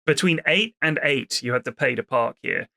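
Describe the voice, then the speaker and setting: A man's voice: medium pitch, normal speed, creaky, no room sound. A man from the UK co-hosting a podcast, telling holiday stories in casual chat, swearing freely and acting out the people he met. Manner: animated, swears freely, acts out people in anecdotes. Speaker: podcast co-host.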